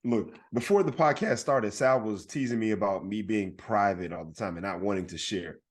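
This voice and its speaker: A man, a comedian co-hosting a podcast, talking in an animated, emphatic way and often checking for agreement. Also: on the low side, normal speed. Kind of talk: casual podcast chat.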